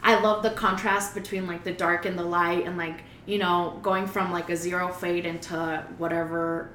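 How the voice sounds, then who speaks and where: Loud young woman, roomy podcast sound. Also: fairly low pitch, moderate pace, crowd noise. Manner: loud, animated storytelling, mixing English and Spanish. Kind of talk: casual chat.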